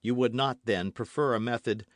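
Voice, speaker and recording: A man's voice: medium pitch, moderate pace, dry recording, clean studio sound, lightly acted. A man reading an audiobook, voicing a gallant, ardent young swordsman in an earnest, caressing manner.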